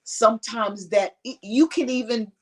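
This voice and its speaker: A woman's voice: fairly high pitch, measured pace, recorded from a distance. A woman speaking on a conference panel, giving earnest and emotional personal testimony and often laughing.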